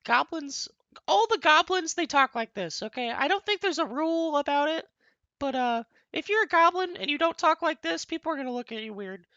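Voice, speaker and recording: A squeaky greedy goblin. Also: male voice, expressive, fairly quick, sharp tone, no echo, highs cut off, full character voice. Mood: gleeful. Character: greedy treasure-loving goblin, small and squeaky.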